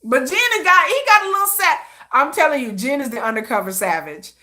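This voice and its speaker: A woman's voice: sits high, brisk. A woman hosting a casual livestream chat, talking in a slangy, conversational way and laughing often between her thoughts. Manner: chatty, laughs often, animated asides. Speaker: livestream host.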